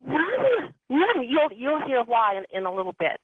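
A woman's voice: on the high side, lively intonation, a little fast, dry recording. Woman caller on a tinny phone line. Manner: chatty, rambling with many ums and anyways. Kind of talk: telling a personal story on a call-in show.

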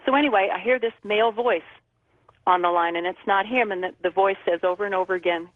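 A woman's voice: medium pitch, quick pace, no room sound. A woman from Arizona phoning in to a radio show, telling a long, meandering story. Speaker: caller. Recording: tinny phone line.

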